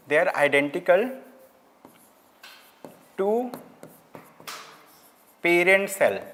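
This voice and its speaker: A man's voice: a little high, a bit bright. Indian man teaching in an echoing hall. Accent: Indian English. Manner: explains slowly, repeats key words, mixes in Hindi phrases. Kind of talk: online class lecture. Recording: hall-like reverb.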